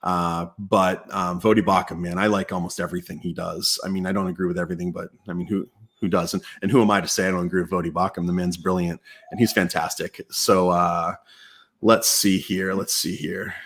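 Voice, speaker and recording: A man hosting a casual live-stream Q&A from an indoor desk mic, chatty and relaxed, with many fillers and restarts. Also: deep voice, fairly quick, slightly rough. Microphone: external mic at home computer.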